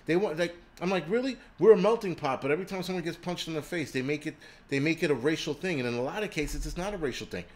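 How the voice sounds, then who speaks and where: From indoors in a city, a man who runs a prepping channel rants on his livestream, profane and confrontational, swearing constantly. His voice runs on the high side and he talks quickly.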